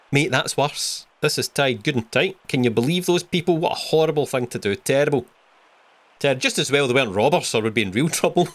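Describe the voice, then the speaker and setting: A man's voice: medium pitch, expressive, a little fast, soft background music. A man with a Scottish accent giving wry, joking commentary while playing a video game. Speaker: gaming video host. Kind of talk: let's play commentary.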